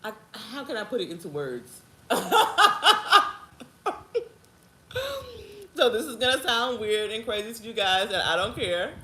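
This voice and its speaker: A woman in her thirties chatting casually to her viewers in an animated way, laughing often and calling them girl and honey. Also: medium pitch, a little fast, few pauses. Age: 30s. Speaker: vlogger. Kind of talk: casual chat to camera. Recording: echoey room with faint ambience.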